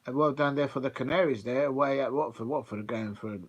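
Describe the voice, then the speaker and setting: A man's voice: medium pitch, fast. A man hosting a live football watch-along, chatty and rambling with plenty of fillers. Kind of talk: casual live commentary.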